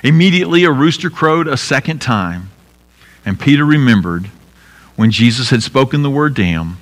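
A man preaching a sermon as pastor, earnest, building to emphatic peaks and dropping low for weight. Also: expressive, moderate pace. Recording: long hall reverb.

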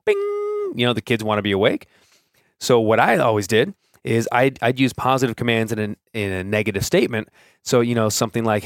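A man's voice: medium pitch, brisk, no room sound, studio quality. A man in his thirties hosting a solo podcast, talking casually and thinking aloud with fillers and restarts. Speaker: podcast host.

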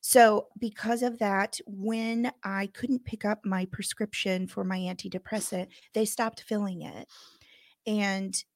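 A middle-aged woman co-hosting a podcast, telling a personal story in an emotional, animated way. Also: mid-range voice, a little slow, no echo, clean studio sound. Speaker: podcast co-host. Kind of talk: casual chat.

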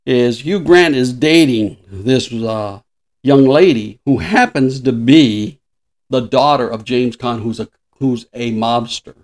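A man's voice: medium pitch, slow pace, darkish tone. A man in his sixties, a podcast host, chatting casually and laughing often as he retells stories. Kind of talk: casual chat.

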